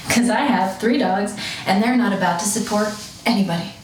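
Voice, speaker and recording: A woman comedian doing stand-up, telling playful stories with lively swings in her voice. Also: fairly quick, slight background noise. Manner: playful, animated storytelling with swings in pitch. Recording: echoey room from far off.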